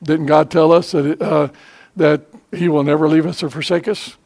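An older man preaching a sermon as pastor, conversational and emphatic, with frequent pauses to gather his words. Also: on the high side, level tone, vocal fry, a little mellow. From United States.

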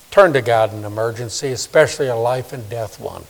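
A man in his sixties preaching a sermon, swinging from loud emphasis to hushed, soft asides. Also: mid-range voice, quick pace, few pauses. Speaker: pastor. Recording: long reverb of a large hall.

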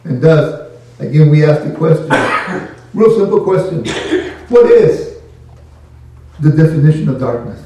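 A man's voice: fairly high pitch, animated, unhurried, long pauses, dark tone. A man preaching a sermon, emphatic and questioning, repeating key phrases to his congregation. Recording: very echoey room, voice from a distant mic.

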